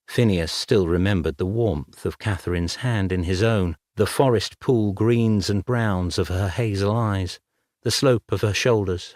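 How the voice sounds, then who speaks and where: A man reading a dark fantasy novel aloud as scripted narration, in a measured, even way. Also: on the low side, no room sound, clean studio sound. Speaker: audiobook narrator.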